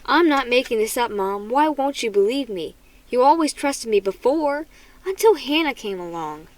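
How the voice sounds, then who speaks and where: A woman's voice: a little high, expressive, normal speed, close to an everyday voice, poor audio. A woman voicing an anxious, jealous preteen boy who pleads and insists in a storybook reading. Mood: pleading, alarmed.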